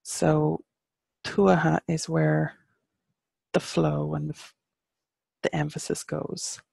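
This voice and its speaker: Gravelly Irish woman teaching pronunciation. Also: low voice, little pitch movement, darkish tone, dry recording. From Ireland. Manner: patient, spells out words and slows down to model pronunciation. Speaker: teacher of Irish pagan studies. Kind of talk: casual online lesson.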